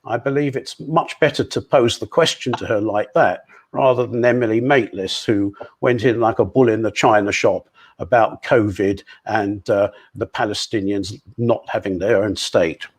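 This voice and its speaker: A man giving a measured, formal answer as a candidate at a community election hustings. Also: on the low side.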